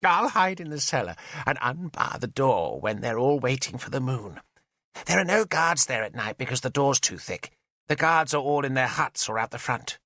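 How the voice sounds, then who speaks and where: A man's voice: mid-range voice, sing-song, moderate pace, sharp tone, dry recording, clean studio sound, voice pushed up. A male audiobook narrator voicing an odd, plump middle-aged woman who talks in a singsong, childlike way and giggles. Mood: conspiratorial. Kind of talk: audiobook character voice.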